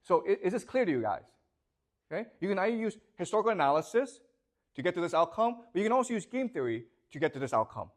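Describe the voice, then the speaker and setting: A male professor gives a classroom lecture in a voice that sits a bit high. His pitch moves a great deal as he fires questions at the class. He keeps stopping to check that the students follow him, and he repeats himself as he drives each point home. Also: sing-song, quick pace. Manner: emphatic, questioning.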